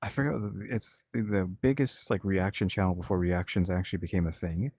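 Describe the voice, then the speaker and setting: A man's voice: deep voice, fairly even intonation, fairly quick, a little mellow, breathy edge, no echo. A man hosting a reaction video, chatting casually and rambling as he thinks aloud. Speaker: reaction channel host.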